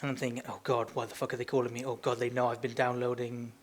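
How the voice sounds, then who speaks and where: A man's voice: medium pitch, flat delivery, quick pace. A young British man co-hosting a casual podcast, rambling and ranting crudely, with goofy impressions of people he describes. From Britain. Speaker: podcast co-host. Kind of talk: casual chat.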